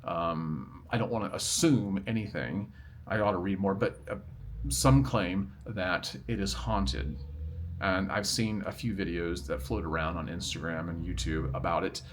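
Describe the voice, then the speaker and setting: A man's voice: deep voice, steady tone, unhurried. A middle-aged man vlogging outdoors near a road, telling stories to the camera in a chatty, rambling, good-humored way. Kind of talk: casual storytelling to camera. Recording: faint traffic noise outdoors. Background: faint traffic noise.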